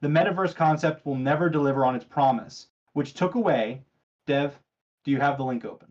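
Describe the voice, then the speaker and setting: A man's voice: mid-range voice, fairly quick, a little mellow, muffled recording. A man hosting a casual gaming podcast, reading news items aloud and asking co-hosts questions, with a sarcastic streak. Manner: chatty, sarcastic, leads the discussion. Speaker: podcast host.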